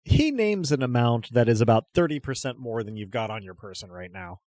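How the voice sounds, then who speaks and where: A man's voice: mid-range voice, expressive, brisk, a little mellow, no echo. A man narrating a tabletop game as game master, chatty and often restarting his descriptions.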